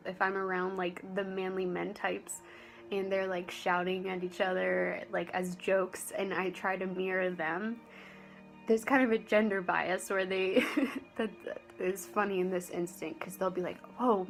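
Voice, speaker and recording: A young woman vlogging casually to camera, halting and full of restarts and fillers, with dry sarcastic asides. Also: mid-range voice, poor audio. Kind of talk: casual vlog talk to camera.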